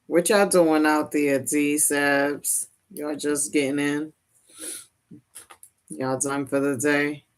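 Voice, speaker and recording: A woman's voice: deep voice, flat delivery, slow. A woman hosting a live sewing stream, chatting casually with viewers and laughing often. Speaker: livestream host. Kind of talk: casual chat while sewing.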